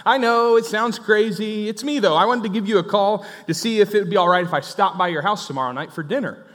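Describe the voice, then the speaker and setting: A man's voice: high-pitched, a bit bright, pitched above the performer's own voice. A pastor voicing Jesus as a friendly, eager man calling on the phone. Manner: friendly, quick, cheerful invitation. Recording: echoey church hall.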